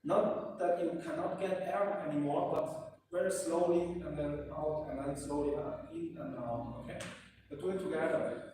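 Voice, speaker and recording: A man's voice: on the high side, fairly even intonation, normal speed. Man coaching in an echoey hall. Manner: broken English, counting and coaching, frequent okay and right. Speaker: martial arts instructor. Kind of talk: live-streamed class instruction. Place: training hall of a martial arts school. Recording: echoey hall from far off, faint hiss.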